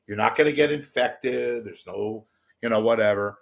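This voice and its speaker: A gravelly, fairly low male voice at a moderate pace belongs to a commentary vlogger filming at home in front of a TV monitor. He jokes, swears and wanders from one aside to the next, sometimes breaking into silly voices as he talks to the camera.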